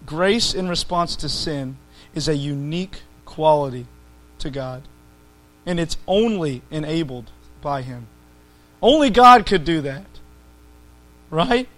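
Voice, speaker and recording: A man's voice: on the high side, lively intonation, slow pace, pauses often, fairly bright tone, faint music behind, rough recording. A man preaching a conversational sermon to his church, rising to emphatic peaks.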